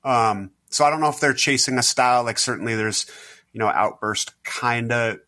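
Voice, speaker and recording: A man's voice: mid-range voice, normal speed, bright, forceful tone, dry recording. A man as a podcast guest in casual chat, thoughtful and hesitant, rambling with fillers.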